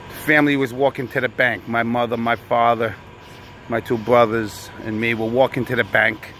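A man's voice: medium pitch, fairly bright tone, slight background noise. A man telling a story in a blunt, profane, tough-guy manner. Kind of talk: casual storytelling.

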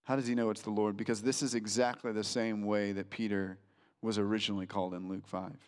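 A male pastor preaching a sermon in a conversational way, slowing down for emphasis and acting out quotes. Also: on the low side, level tone, clear, resonant tone. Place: church sanctuary. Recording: reverberant church hall.

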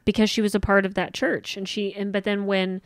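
A woman's voice: mid-range voice, flat delivery, a little fast, no room sound, clean studio sound. A woman co-hosting a casual podcast, giving frank opinions with casual swearing. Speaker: podcast co-host. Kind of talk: casual recap chat.

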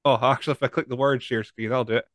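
A man's voice: mid-range voice, fairly even intonation, rapid-fire, no echo. Easygoing male podcast host. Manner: easygoing, rambling, with restarts. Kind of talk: casual interview chat.

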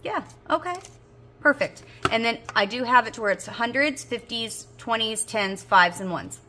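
There's noise in the background as this woman in her 40s, a budgeting video host, unboxes supplies and chats casually. Her voice is a little high with lively intonation at a normal pace, and she gushes with gasps and delighted squeals.

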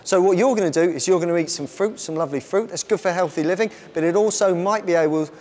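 A man presenting a live science show on stage, energetically bossing volunteers around and shouting instructions. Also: high-pitched, quick pace. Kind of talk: lively live science demonstration.

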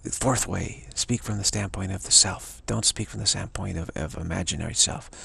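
A man's voice: sits low, moderate pace, vocal fry, bright, forceful tone, slightly rough, dry recording. A man giving a rambling, emphatic spiritual talk as a teacher, often repeating himself.

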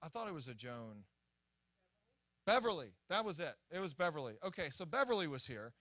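A young man preaching at a church, telling a story in an animated, excitable way with many restarts and acted-out quotes. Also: a little high, brisk, no echo. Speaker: guest preacher. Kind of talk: sermon storytelling. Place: church sanctuary.

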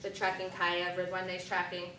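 A woman teaching first graders to blend words, with clear, directive prompts and counting down. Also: on the low side, completely flat delivery, normal speed, sharp tone, slight background noise. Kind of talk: classroom reading lesson. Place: classroom. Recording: echoey classroom from far off, children around.

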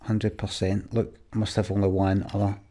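A man's voice: lowish voice, monotone, moderate pace, dark tone. A Scottish man chatting and ranting as he plays a game, swearing freely. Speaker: gamer. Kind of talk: let's play commentary.

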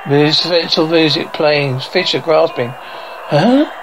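A woman's voice: sits low, a little slow, faint music behind, poor audio. A woman reading a horror show transcript aloud, sound cues included, acting out screams and gasps between the lines.

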